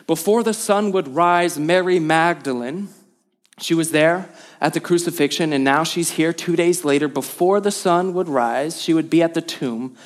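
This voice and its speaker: A man's voice: a little high, moderate pace. A man, a lead pastor, preaching a sermon in a church with emphatic repetition and call and response. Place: church hall.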